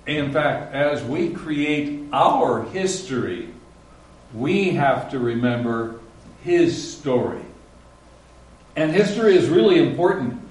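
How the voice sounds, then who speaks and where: A man's voice: on the high side, a little mellow, echoey room, far from the mic, a little hiss or hum, rough recording. A man preaching a sermon as pastor, telling folksy stories with many ums and uhs. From Nebraska.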